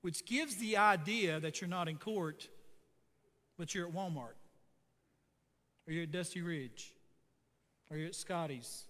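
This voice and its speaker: A man's voice: on the high side, fairly bright tone, long reverb tail. A man preaching a sermon as pastor, in a conversational, folksy way with jokes and asides. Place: church.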